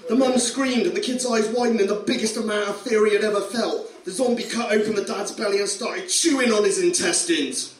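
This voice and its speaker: A man's voice: high voice, a little fast, hardly any pauses, a little hiss or hum. A man reading a comic horror story aloud, amused and chuckling often. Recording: roomy room, distant mic.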